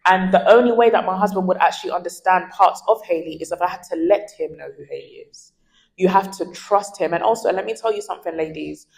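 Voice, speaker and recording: A woman's voice: lowish voice, fast talker, creaky, rough recording. A woman in her twenties, a guest in a candid interview, telling stories with energy and acting out what people said. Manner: animated storyteller, acts out quoted dialogue.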